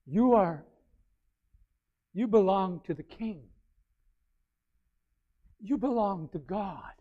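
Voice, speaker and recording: A male pastor preaching a sermon, animated, swinging between quiet asides and loud bursts. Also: sits high, slow pace. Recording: slightly dull, lo-fi sound.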